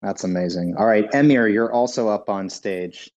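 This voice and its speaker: A man with a fairly low voice who moderates a live online audio room. He is upbeat and orderly, bringing speakers up one at a time and handing them the floor. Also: moderate pace, darkish tone, highs cut off. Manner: upbeat, organized, calls up speakers.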